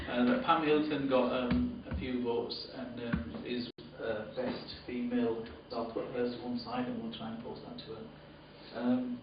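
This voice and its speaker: A man's voice: slow pace, over music. Rambling man, distant and echoey. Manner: rambling, repeats words, many ums. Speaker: director presenting awards. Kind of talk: off-the-cuff award presentation. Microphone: camera mic from a distance. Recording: distant, boomy, dull camera audio with room noise.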